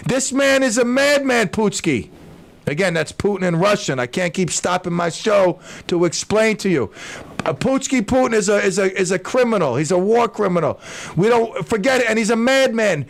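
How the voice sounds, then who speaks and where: A man's voice: sits high, expressive, normal speed. A man hosting a talk radio show, rambling in a casual monologue with stammers, restarts and jokes.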